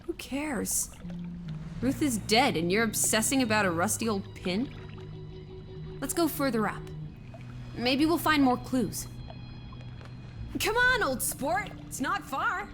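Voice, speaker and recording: A spirited teasing young ward. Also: female voice, sits high, expressive, takes it slowly, pauses often, music in the background. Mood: impatient. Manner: scolding, playful.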